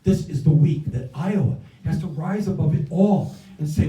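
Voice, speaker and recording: A man's voice: a little high, normal speed, warm tone. An older man giving an impassioned campaign speech at an indoor event, hammering points home with repeated phrases. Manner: impassioned, rousing, repetitive cadences. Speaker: campaign guest speaker. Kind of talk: stump speech. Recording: echoey room, mic from far off.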